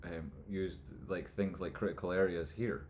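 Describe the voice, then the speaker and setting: Male streamer, low voice, rambling chat host, mumbles then loud jokey bursts, faint hum behind. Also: steady tone, moderate pace. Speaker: livestream host answering chat. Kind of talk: casual live chat, stock chart commentary.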